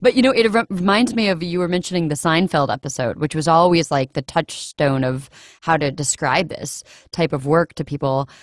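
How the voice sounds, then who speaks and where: A woman's voice: sits low, normal speed, no room sound. A young adult woman who works as a standardized patient, chatting casually and acting out her own reactions as she tells a story. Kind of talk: casual conversation.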